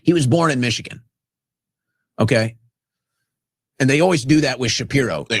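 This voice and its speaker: A man's voice: mid-range voice, normal speed, long pauses, dry recording, studio quality. A man hosting a talk show, delivering a heated, sarcastic political rant with mocking asides. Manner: sarcastic, mocking, shouting at times.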